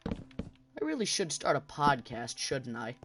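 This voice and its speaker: A man's voice: mid-range voice, very animated, slow, fairly bright tone, soft background music. A man hosting a gaming channel, talking in a casual rambling monologue while he plays, passionate and often restarting his sentences.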